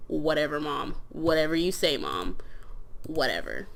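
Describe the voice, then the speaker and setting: A woman's voice: sits low, sing-song, a little slow, creaky, fairly bright tone, voice pushed down, heavily acted. A woman voicing a defiant, sulky teenage boy who talks back to his mother in a life-sim game. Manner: sassy, dismissive.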